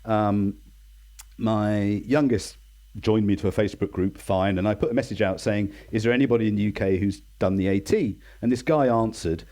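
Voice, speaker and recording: A man's voice: on the low side, moderate pace, warm tone. Chatty English man in his sixties. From England. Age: 60s. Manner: chatty, self-deprecating, acts out quoted voices. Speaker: guest. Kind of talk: casual storytelling interview.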